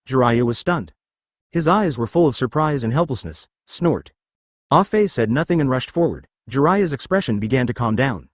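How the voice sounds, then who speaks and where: A man's voice: mid-range voice, lively intonation, moderate pace, dry recording, studio quality. A male text-to-speech voice narrating a fanfic story in a machine reading that reads out stray words.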